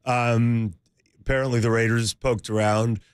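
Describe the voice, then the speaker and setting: Rambling sports radio co-host, dry sound. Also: male voice, medium pitch, flat delivery, measured pace, clear, resonant tone, no room sound.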